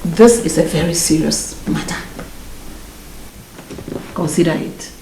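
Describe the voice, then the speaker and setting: A woman's voice: sits low, slow pace, roomy sound, noisy background. An actress playing an insistent friend with a Ghanaian English accent who pushes a married woman toward a juju man. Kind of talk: Ghanaian film acting.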